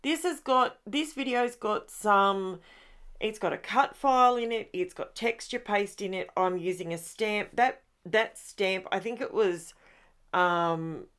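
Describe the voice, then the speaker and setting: A woman's voice: medium pitch, fairly bright tone, smooth. A woman, talking casually and sleepily over a craft process video, rambling and correcting herself as she goes. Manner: chatty and rambling, corrects herself mid-sentence. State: sleepy, yawning. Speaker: craft channel host.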